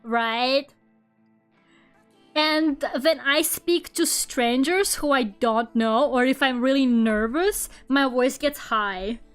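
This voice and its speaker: High-voiced young woman with a Russian accent. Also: slow pace, smooth, faint music behind. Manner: rambling, laughs often, lots of fillers. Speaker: streamer. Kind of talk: casual chat while drawing on stream.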